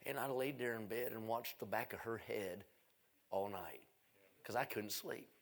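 Man, middle-aged evangelist, gravelly voice, folksy self-mocking sermon storytelling. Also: lowish voice, steady tone, normal speed. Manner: folksy, self-mocking, swings from loud to hushed.

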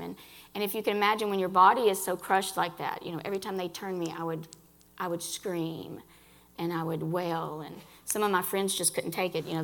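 An earnest woman gives a personal faith testimony to a gathering of women, speaking right to them. Her voice carries a gravelly fry, and she restarts phrases as she talks. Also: on the low side, fairly bright tone. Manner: earnest, addresses listeners directly, restarts phrases.

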